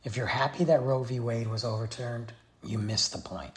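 A man's voice: medium pitch, fairly even intonation, moderate pace. A man giving a blunt, exasperated opinion rant straight to his viewers. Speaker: vlogger. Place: Texas.

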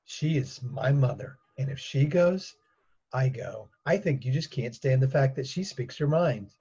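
Husky, defensive wife, voiced by a man, muffled recording. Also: medium pitch, animated, unhurried, mellow, heavily acted. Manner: defensive, pleading. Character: exasperated wife defending her mother. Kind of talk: improv comedy podcast. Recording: dull, muffled sound.

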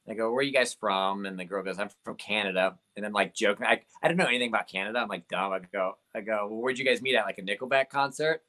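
A man's voice: fairly low pitch, fast, hardly any pauses, sharp tone. A young comedian telling stories from his shows in a casual interview, rambling with lots of "like" and fillers. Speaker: comedian guest.

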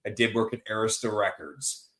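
A man's voice: on the low side, moderate pace. A man co-hosting a sports podcast, joking and swearing in casual chat. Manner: animated, joking, profane. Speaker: podcast co-host.

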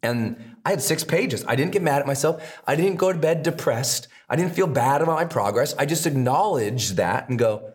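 A man speaking as a high performance coach in motivational podcast talk, emphatic and challenging, acting out his own inner voice. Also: expressive, normal speed, hardly any pauses.

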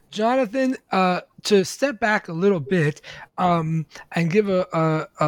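A man asking interview questions in a halting way, with many restarts. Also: a little high, no room sound.

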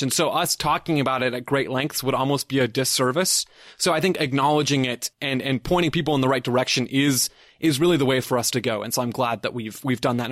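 A man's voice: medium pitch, fairly bright tone, no echo. Man, soccer podcast co-host, easygoing, laughs often, dry close sound. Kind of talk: casual soccer podcast chat.

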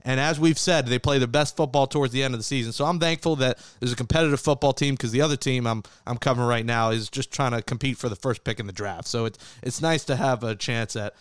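A man's voice: mid-range voice, quick pace, hardly any pauses, clean tone, dry recording, studio quality. A man hosting a casual sports podcast, chatting and joking with his co-hosts in an easygoing way. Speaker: podcast host.

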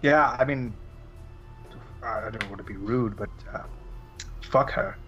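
A man tossing out deadpan quips at a tabletop game in a mid-pitched voice. His audio is dull and lo-fi, with soft music underneath. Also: takes it slowly. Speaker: player. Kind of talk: casual chat. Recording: dull, distant lo-fi sound.

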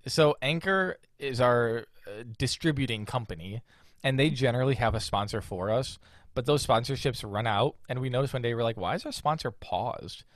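Young male co-host, Chicago-raised, casual and animated, mid-pitched, dry booth sound. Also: normal speed, dry recording. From Chicago area. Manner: animated storyteller, acts out quotes. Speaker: podcast co-host. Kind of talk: casual chat.

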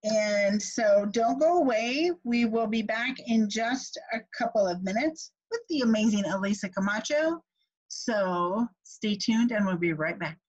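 A woman hosting a podcast, enthusiastic and quick to exclaim in delight. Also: a little high, animated, lo-fi sound. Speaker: podcast host. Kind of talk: casual podcast interview.

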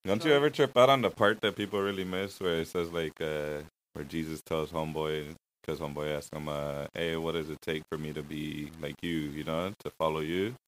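A man's voice: extremely low pitch, steady tone, fairly quick, hardly any pauses, a little hiss or hum, low-quality recording. A man in casual chat, musing in a slangy storytelling way.

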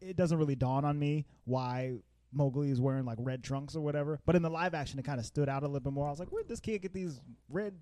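A man's voice: medium pitch, fast, dry recording. Man recapping a movie with playful asides. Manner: animated, retells scenes with playful voices. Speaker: podcast co-host. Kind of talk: casual chat.

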